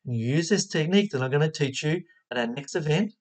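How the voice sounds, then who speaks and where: Expressive spiritual teacher, lively pitch. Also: fast. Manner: expressive, asks the listener questions. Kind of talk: motivational talk.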